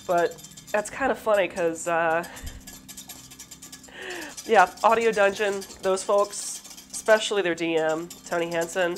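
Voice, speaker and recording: A woman hosting a cooking demo, chatting casually with rambling asides while she cooks, her accent a light Southern lilt mixed with Midwestern. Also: on the low side. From southern United States. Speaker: cooking show host.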